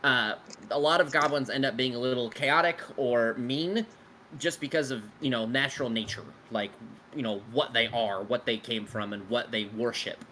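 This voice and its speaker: A man with a mid-range voice talks at normal speed in a pushed, bright tone, with a little hiss or hum in the recording. He's a game master running a tabletop game, answering player questions out of character and casually explaining his world with lots of fillers and some swearing.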